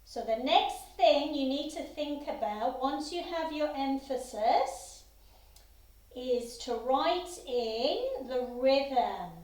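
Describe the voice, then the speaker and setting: A woman's voice: sits high, expressive, slow, darkish tone. A woman teaching a music theory lesson, giving patient step-by-step instructions. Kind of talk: classroom lesson to students. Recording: echoey room.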